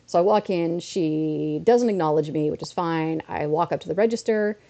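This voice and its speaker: A woman's voice: deep voice, gravelly. A woman streamer from North America telling a story in a casual way, slipping into quoted voices as she goes, a bit under the weather. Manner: animated storytelling with quick switches into quoted voices.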